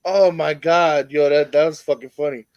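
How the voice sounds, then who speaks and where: A man hosting a casual call-in chat show, animated and often laughing as he tells stories. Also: on the high side, normal speed, lo-fi sound. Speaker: host.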